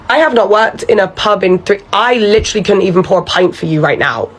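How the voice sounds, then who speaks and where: A woman's voice: mid-range voice, animated, fast talker, few pauses, low-quality recording. A woman performing comedy sketch dialogue, exasperated and sarcastic, swearing freely.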